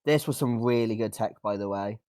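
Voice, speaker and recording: A young man co-hosting a podcast, chatting casually about competitive game matches with a slightly rough, coughing voice. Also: lowish voice, fairly quick, no echo, clean studio sound. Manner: relaxed, chatty, uses fillers like "like" and "uh". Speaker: podcast co-host. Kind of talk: casual gameplay commentary.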